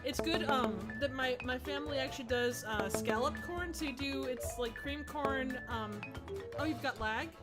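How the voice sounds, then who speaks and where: A woman's voice: sits high, normal speed. A woman from the American Midwest hosting a game livestream in casual chat, talking loosely with many fillers and restarts. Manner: chatty, lots of fillers and restarts. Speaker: game host. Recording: music playing behind.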